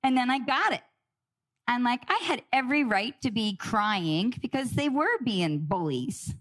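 A middle-aged woman telling a personal story with dramatic pauses and emotion. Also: fairly high pitch, animated. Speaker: guest speaker.

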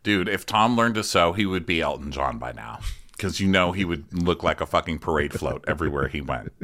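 Lively, bright-voiced joking man. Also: low-pitched. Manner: sardonic, quick jokes, lots of laughing. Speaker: podcast co-host. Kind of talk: comic recap chat.

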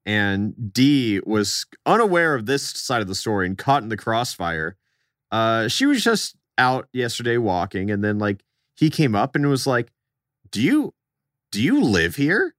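A man's voice: on the low side, sing-song, moderate pace, a bit bright, no echo, studio quality. A young man co-hosting a podcast, chatting casually and acting out the people in his story. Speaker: podcast co-host.

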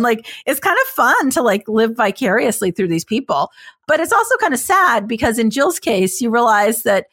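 A woman co-hosting a podcast, chatting in an animated way with many "like" fillers. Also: mid-range voice, dry recording, clean studio sound. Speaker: podcast co-host. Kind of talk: casual podcast chat.

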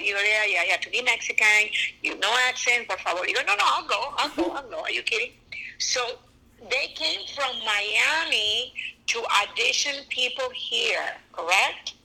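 Bright-toned older Cuban woman storyteller. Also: fairly high pitch, rough recording. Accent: Cuban Spanish. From Cuba. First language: Spanish. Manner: animated, anecdotal storyteller. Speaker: actress guest. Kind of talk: casual interview chat.

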